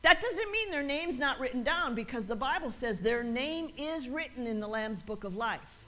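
Lady pastor preaching, high voice that jumps all over, keeps repeating herself to drive it home. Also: animated, normal speed, fairly bright tone, a little hiss or hum. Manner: call-and-response preaching, rising to emphatic repeats; acts out quoted voices with laughs. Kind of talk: sermon.

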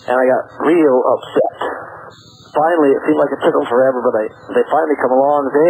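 A man's voice: medium pitch, fast, creaky, a little hiss or hum, low-quality recording. A middle-aged man, a radio interview guest, telling his story in plain words and acting out what people said. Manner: plain-spoken, acts out quoted dialogue with rising excitement.

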